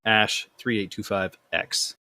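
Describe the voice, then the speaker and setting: A man's voice: lowish voice, little pitch movement, slow, bright, forceful tone, no echo. A man hosting a casual gaming podcast, rambling with fillers and restarts. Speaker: podcast host.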